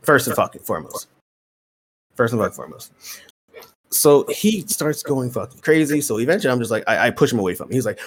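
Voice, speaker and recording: A little hiss or hum sits under this mid-range male voice as he talks fast, telling a lengthy story in casual podcast chat. He curses liberally and acts out each side of the dialogue.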